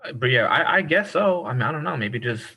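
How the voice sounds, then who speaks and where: A man from Ireland co-hosting a podcast in casual chat, emphatic and quick to laugh, using slang like bro and dude. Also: fairly high pitch, expressive, creaky, husky, muffled recording. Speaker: podcast co-host.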